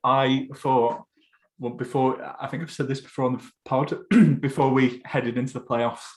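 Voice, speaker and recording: Brief: young man, Essex accent, podcast host, loose and chatty, mid-pitched voice. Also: steady tone, moderate pace. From England. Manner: chatty, loose, swears casually. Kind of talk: casual chat.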